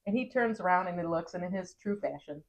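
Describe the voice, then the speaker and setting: A woman who is a TV meteorologist, co-hosting a vlog and telling a story in a casual, animated way, acting out quoted lines. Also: on the low side, fast, low-quality recording.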